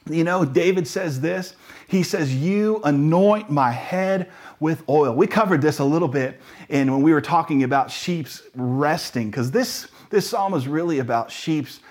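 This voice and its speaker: A man's voice: on the high side, normal speed. A man preaching a sermon as pastor, earnest and emphatic, with frequent restarts.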